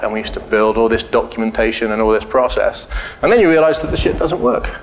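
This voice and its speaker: A man's voice: mid-range voice, quick pace, slight background noise. A man giving a casual conference talk, blunt and joking, telling anecdotes and swearing freely. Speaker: conference speaker. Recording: echoey hall.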